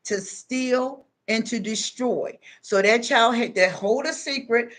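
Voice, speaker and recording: An older woman tells a story in a spiritual monologue, acting out the quoted voices with big pitch jumps. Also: slow pace, a bit bright. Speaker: spiritual speaker.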